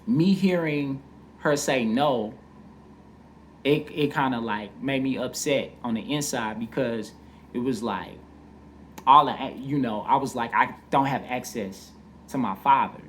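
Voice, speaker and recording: A man's voice: medium pitch, slow pace, long pauses, a bit bright, slight background noise. A man casually telling a personal story, candid and profane, full of "you know what I mean.".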